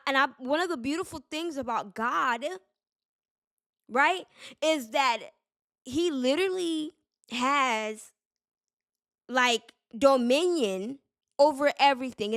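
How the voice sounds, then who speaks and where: Woman with a dry, higher voice giving a devotional talk. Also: fairly bright tone, no echo. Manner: conversational, many fillers, repeats key phrases for emphasis. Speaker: podcast host. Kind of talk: casual devotional talk with scripture reading.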